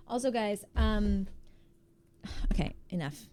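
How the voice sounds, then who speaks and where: A woman's voice: a little high, expressive, measured pace, pauses often, darkish tone, slight background noise. A woman with an American accent, chatting casually on a live stream, bubbly and greeting viewers by name. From United States.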